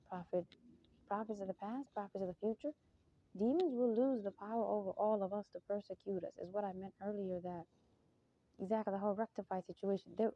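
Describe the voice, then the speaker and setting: A woman with a fairly high but deeply mellow voice delivers a casual, meandering spiritual talk. She keeps checking whether her listeners follow. The recording is dull and lo-fi, with a faint hiss of noise underneath. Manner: rambling, keeps asking "you get me?". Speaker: religious speaker.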